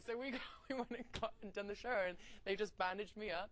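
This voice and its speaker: A woman's voice: mid-range voice, fast, hardly any pauses, a little hiss or hum. Chatty young English woman storyteller. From England. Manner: chatty, animated, acts out quotes with laughs. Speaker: wrestler, guest. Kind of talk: casual storytelling interview.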